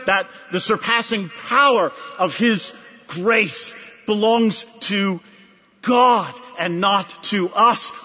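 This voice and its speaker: A man's voice: sits high, sharp tone. A man preaching a sermon as a pastor, emphatic and repeating his key phrases. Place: large conference hall. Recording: dull recording in a reverberant hall.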